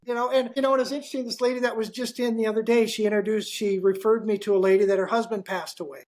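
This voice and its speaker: A man's voice: sits high, fairly even intonation, fast talker, darkish tone. Older man, folksy storytelling guest. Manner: folksy and anecdotal, with many asides. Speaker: podcast guest, business owner. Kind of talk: casual interview chat.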